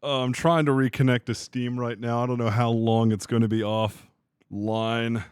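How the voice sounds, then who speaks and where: A man streaming a game live, talking to his crew and chat, swearing freely and quick to vent his frustration. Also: mid-range voice, little pitch movement, clear, resonant tone. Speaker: livestreamer. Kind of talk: live gaming commentary.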